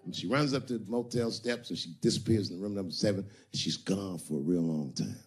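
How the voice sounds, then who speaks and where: A man doing stand-up comedy on stage, telling a story and jumping between character voices. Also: a little fast. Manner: animated, acts out characters with big pitch swings. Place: comedy stage before a live audience.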